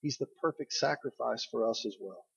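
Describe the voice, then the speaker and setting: A pastor giving a conversational sermon, stressing key words and slowing down for emphasis. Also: male voice, mid-range voice, creaky, slightly rough, dull audio. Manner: conversational, emphatic preaching with slow pauses.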